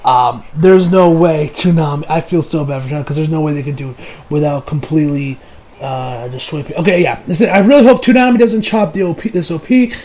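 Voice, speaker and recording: Young man, high voice, casual anime review, excitable, swears, acts out scenes. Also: fairly quick.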